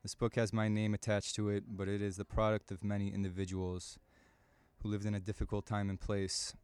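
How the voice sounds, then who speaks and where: A man from the Chicago area giving a measured, prepared talk on the radio, with occasional fillers and self-corrections. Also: fairly low pitch, level tone, darkish tone, smooth, dry recording. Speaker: radio presenter and publisher.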